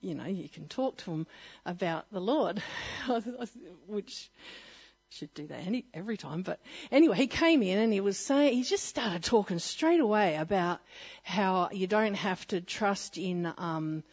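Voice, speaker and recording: A woman's voice: medium pitch, lively intonation, measured pace, darkish tone, slightly rough, muffled recording. A woman giving a personal testimony and Bible teaching, telling her story in a chatty way with frequent laughs and fillers.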